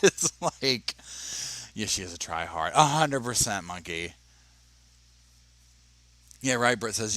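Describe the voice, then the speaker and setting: A man's voice: medium pitch, animated, unhurried, long pauses, a bit bright, no echo. A man hosting a casual livestream, chatting and reading viewer comments as he reacts to a video. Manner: chatty, reads viewer comments aloud, says y'all. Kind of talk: casual live reaction chat.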